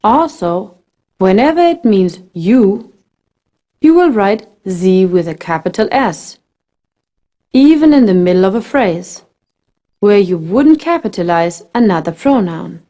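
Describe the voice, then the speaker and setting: A woman narrating a scripted language lesson, modelling phrases slowly with careful enunciation. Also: mid-range voice, animated, warm tone. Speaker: language teacher.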